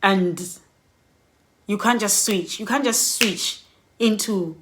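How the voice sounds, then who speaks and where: A middle-aged woman giving candid, reflective personal advice in a vlog, laughing softly between points. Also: medium pitch, slow, background noise. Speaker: vlogger.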